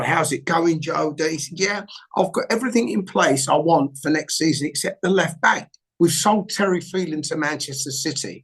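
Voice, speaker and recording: An older man, his husky voice sitting a little high for a man. He tells stories at an easy pace and acts out both sides of old phone calls. His talk is casual and full of everyday slang. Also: low-quality recording. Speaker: football agent guest. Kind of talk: anecdotal storytelling in an interview.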